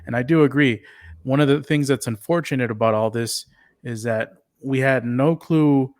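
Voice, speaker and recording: A man's voice: medium pitch, no room sound. A man co-hosting a podcast, chatting casually and often repeating words as he searches for his point. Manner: halting, repeats words while searching for thoughts. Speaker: podcast co-host. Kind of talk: casual review chat.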